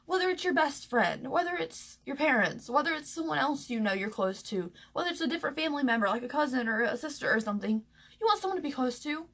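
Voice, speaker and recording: A young woman from the American South talks to camera about her past, her voice sitting a little high. She stays close to tears throughout, halting and restarting with plenty of fillers. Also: animated, fairly bright tone. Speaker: vlogger. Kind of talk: personal storytelling to camera.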